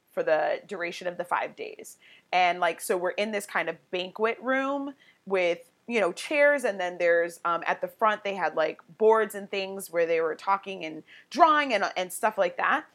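A woman's voice: lowish voice, fairly bright tone. Woman on a podcast telling a story, lots of "like" and "you know", candid and open. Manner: conversational, heavy use of "like" and "you know". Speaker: podcast guest, coach. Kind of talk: personal storytelling in a podcast interview.

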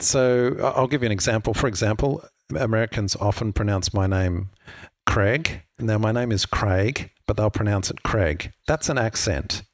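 Chatty man, low voice. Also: no echo. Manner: chatty, explains with examples. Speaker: podcast co-host. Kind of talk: casual marketing podcast chat.

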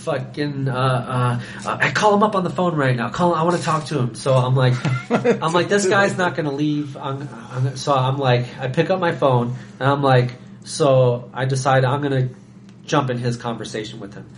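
A young man chatting on a podcast as a guest, telling an animated story and acting out the voices of the people in it. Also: medium pitch, normal speed, slight background noise. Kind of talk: casual chat, storytelling.

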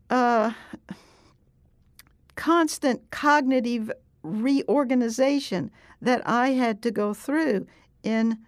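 A woman scientist telling a story in conversation, animated and laughing now and then as she goes. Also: fairly high pitch, no echo, clean studio sound.

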